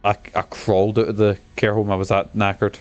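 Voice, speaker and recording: A man's voice: fairly low pitch, little pitch movement, fairly quick, dull audio. A man chatting casually while streaming a game, enthusiastic and swearing freely. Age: adult. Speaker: gaming streamer. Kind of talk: casual gameplay commentary.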